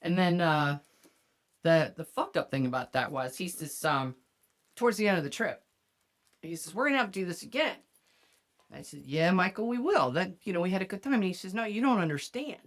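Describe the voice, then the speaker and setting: A woman's voice: lowish voice, animated, a little fast. A woman hosting a podcast, telling a profane story in casual chat and laughing often. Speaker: podcast host.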